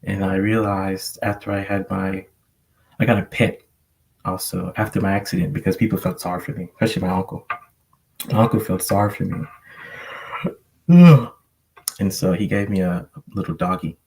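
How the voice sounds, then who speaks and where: A man's voice: sits low, fairly even intonation, normal speed, pauses often, a little mellow. A man sharing a personal story earnestly on a panel, rambling with many fillers. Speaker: panel guest.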